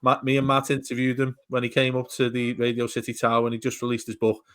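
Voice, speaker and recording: A man's voice: medium pitch, completely flat delivery, quick pace, fairly bright tone, dry recording. Enthusiastic man chatting football. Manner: enthusiastic, restarts words often. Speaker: podcast co-host. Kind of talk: casual football chat.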